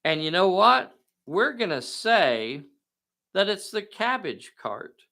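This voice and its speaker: A man's voice: high-pitched, big pitch swings, slow pace, vocal fry, bright, forceful tone. A man hosting and narrating a live tabletop game in a folksy, enthusiastic way, talking to viewers. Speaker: game master and host.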